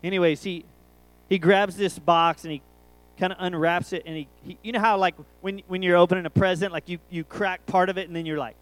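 A man's voice: sits high, fairly even intonation, fairly quick, fairly bright tone, no room sound, poor audio. A man, preaching a sermon through a rambling, jokey family story.

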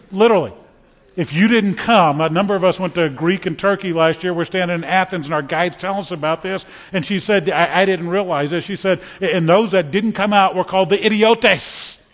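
A man preaching a sermon from the pulpit of a church, emphatic and dramatic, swinging from loud declarations to hushed, solemn lines. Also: fairly high pitch, in a large hall, lo-fi sound. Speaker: pastor. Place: church sanctuary.

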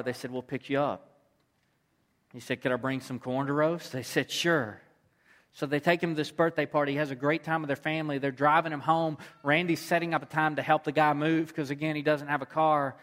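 A man's voice: on the high side, a bit bright. A man preaching a sermon, telling a story and repeating phrases for emphasis. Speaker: pastor.

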